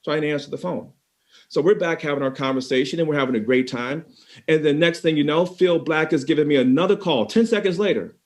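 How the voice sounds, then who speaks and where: Brief: male keynote speaker, slightly high voice, lively storyteller who talks straight to the crowd. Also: fast. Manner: animated storyteller, addresses the audience directly. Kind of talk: motivational talk.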